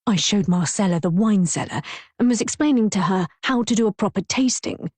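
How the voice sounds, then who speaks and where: A woman's voice: mid-range voice, animated, a little fast, a little mellow, breathy edge, no echo. Woman doing a posh pretentious wine-snob husband. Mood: defensive. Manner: pretentious, earnest.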